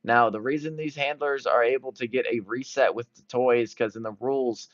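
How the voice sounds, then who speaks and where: A man giving excited live play-by-play commentary, jumping quickly from one event to the next, on a dull lo-fi stream recording. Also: medium pitch, no echo. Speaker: sports commentator.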